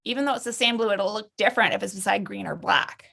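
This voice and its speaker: Woman interview host, crisp bright tone with some vocal fry, conversational and searching. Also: medium pitch, fairly even intonation, fast. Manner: thinks aloud with restarts and fillers, uses analogies.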